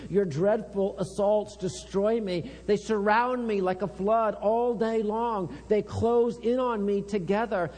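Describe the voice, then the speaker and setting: A preacher with a high, darkish voice delivers a sermon, reading psalms aloud slowly and earnestly as his intensity builds. The recording carries long reverb and a mains hum.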